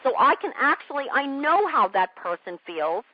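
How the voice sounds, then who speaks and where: A woman's voice: high voice, sing-song, normal speed, dry recording, highs cut off. A woman sales trainer coaching a trainee over a call. She repeats her points, acts out both sides of a sales call, and keeps asking whether it makes sense.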